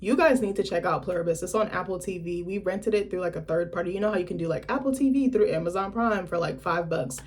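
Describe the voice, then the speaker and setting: A young adult woman vlogger in casual chat to camera, talking in a chatty, blunt and profane way with lively asides. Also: lowish voice, fast, hardly any pauses.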